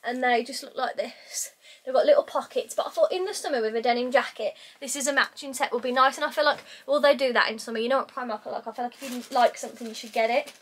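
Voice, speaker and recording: High-pitched chatty woman. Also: fast, a bit bright. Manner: rambling, chatty, filler-heavy. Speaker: vlogger. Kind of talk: casual chat to camera. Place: indoors, messy bedroom.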